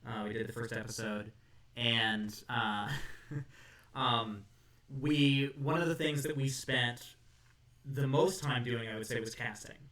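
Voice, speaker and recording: A man co-hosting a fan discussion, his speech hesitant and full of ums and uhs. His voice is bright and edgy, in a roomy echo. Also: mid-range voice, slow. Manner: affirming, hesitant with many ums. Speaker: podcast co-host.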